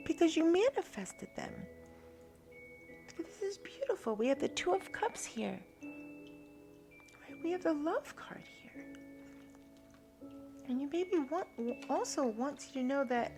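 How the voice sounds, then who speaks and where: A woman giving a spiritual tarot reading in a soft, earnest way, now and then dropping to a hushed whisper. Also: high voice, animated, moderate pace, soft background music. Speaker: tarot reader.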